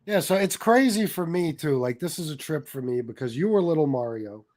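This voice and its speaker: A man hosts a casual interview in a slightly high voice. He is relaxed and chatty and laughs along with his guest. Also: fairly quick. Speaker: host.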